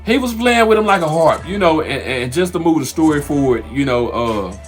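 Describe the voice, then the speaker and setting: A man's voice: on the high side, expressive, fairly quick, faint music behind. A man casually reviewing a fantasy TV episode as host of his own channel, talking loosely and animatedly with lots of fillers and restarts. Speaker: TV recap host.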